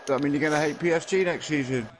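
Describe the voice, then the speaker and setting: A man's voice: on the high side, very fast, slight background noise, poor audio. A man with a Liverpool accent chatting casually over a game, asking dry, teasing questions. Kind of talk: casual gaming chat.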